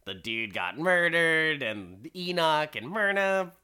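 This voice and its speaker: A man's voice: a little high, big pitch swings, takes it slowly, sharp tone, clear, resonant tone, heavily acted. A man voicing a casual, offhand male police officer asking questions. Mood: breezy. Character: nosy male cop, casual and breezy.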